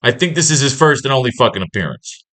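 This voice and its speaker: A man's voice: mid-range voice, big pitch swings, quick pace, fairly bright tone. A man teaching a comic-writing class, recapping an old story in a rambling, sarcastic and profane way.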